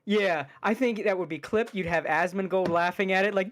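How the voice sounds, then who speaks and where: A man's voice: high voice, fairly even intonation, moderate pace, few pauses. A man in casual podcast chat, opinionated and rambling with restarts. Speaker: podcast co-host.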